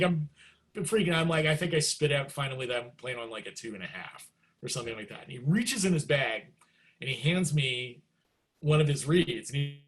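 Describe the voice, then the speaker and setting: A middle-aged man, a guest musician, telling stories in a casual interview and acting out quotes with big jumps in pitch. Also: lively intonation, a little fast, fairly bright tone.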